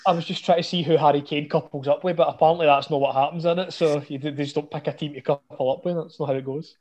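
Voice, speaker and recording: A man with a Scottish accent, telling a long animated story in casual podcast chat. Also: a little high, quick pace. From Scotland. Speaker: podcast co-host.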